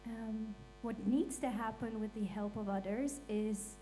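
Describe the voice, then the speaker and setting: A woman's voice: on the high side, fairly even intonation, unhurried, dark tone, low-quality recording. A woman speaking on a panel stage, emotional and impassioned, blunt about what she feels. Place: event stage. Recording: faint mains hum.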